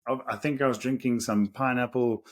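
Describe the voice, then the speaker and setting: Slightly fast and mid-range in pitch, a South African man in his thirties co-hosts a podcast. He's animated as he casually tells a story, laughing through it as he goes.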